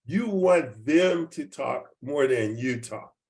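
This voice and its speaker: Leading a team training by video call, a man in his seventies speaks slowly in a medium-pitched, slightly mellow voice with lively intonation. His manner is folksy: he repeats his points and often asks the audience questions to check they're with him.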